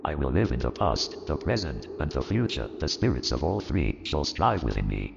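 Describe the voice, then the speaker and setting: A gravelly, theatrical old miser, newly joyful and repentant, played by a man in an audio drama. The voice sits extremely low with thick fry and swings widely in pitch. It is heard in a reverberant, dull lo-fi recording with faint music behind. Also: moderate pace, heavily acted. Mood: pleading. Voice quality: gravelly, very deep. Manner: theatrical, animated delivery.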